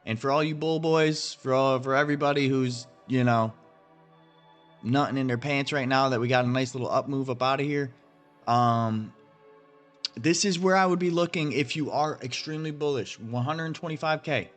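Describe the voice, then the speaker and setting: A blunt man runs through his trading charts in a brash, swearing rant and keeps addressing the viewers directly. His voice sits at an ordinary middle pitch. Soft music plays faintly behind him. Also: normal speed. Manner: blunt, profane, emphatic, talks straight to viewers. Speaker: crypto trading channel host. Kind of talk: ranting chart analysis.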